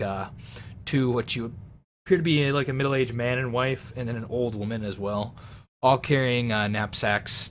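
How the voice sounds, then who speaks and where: Male game master, ordinary pitch, loose and halting tabletop narration full of fillers. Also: a bit bright, a little hiss or hum.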